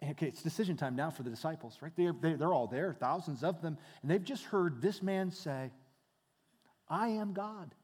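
Male pastor, fairly high voice, dynamic sermon delivery, long hall echo. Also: a little fast, hardly any pauses, slightly rough. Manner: dynamic preaching, dropping to hushed tones then rising loud.

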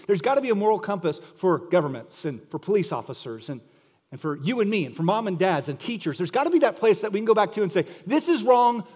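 A man's voice: sits high, darkish tone, husky. A middle-aged man preaching a sermon as pastor, emphatic and asking the listeners pointed questions. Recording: long hall reverb.

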